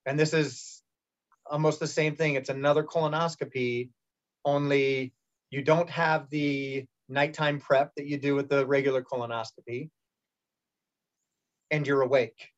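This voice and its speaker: A man's voice: mid-range voice, level tone, a little slow, long pauses. A middle-aged man candidly telling a personal story in a casual interview, rambling with restarts and acted-out quotes. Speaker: guest telling his cancer story. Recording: muffled lo-fi sound.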